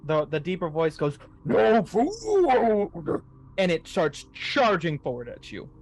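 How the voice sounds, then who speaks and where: A man running a tabletop horror game as game master, narrating scenes slowly for suspense. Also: fairly high pitch.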